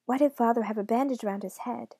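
A woman's voice: on the high side, a little fast, slightly rough, no echo, clean studio sound. A woman voicing a fierce, accusing young princess. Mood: insistent. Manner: insistent, rising to shouts.

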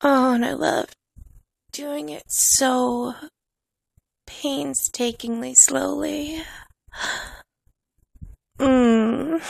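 A woman performing a dominant adult audio role-play, teasing and commanding, with soft laughs. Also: sits high, steady tone, drawn-out words, creaky, pauses often, dry recording.

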